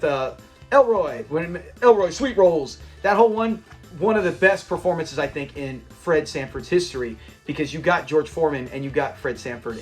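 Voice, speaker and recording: A man with a high voice talks casually and eagerly as a channel host, looping back on himself and restarting sentences as he goes. Faint music plays softly behind him. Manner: enthusiastic and rambling, with frequent restarts and quoted lines. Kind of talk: casual fan commentary on a classic sitcom.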